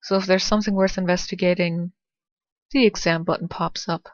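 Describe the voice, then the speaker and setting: A woman's voice: fairly low pitch, steady tone, a little fast, no room sound, dull audio. A woman giving casual, dry, sarcastic commentary while playing through a game and reading its dialogue. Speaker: let's play narrator.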